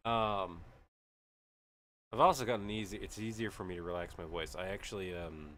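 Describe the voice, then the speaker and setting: Man streamer, casual rambling chat, bright tense tone, slightly low voice. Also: a little fast, a little hiss or hum. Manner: rambling and jokey, with frequent fillers.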